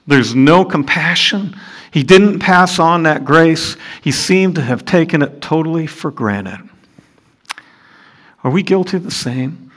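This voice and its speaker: A man preaching a sermon and explaining scripture, earnest, asking his listeners rhetorical questions and rising in pitch and volume for emphasis. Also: expressive, measured pace, fairly bright tone.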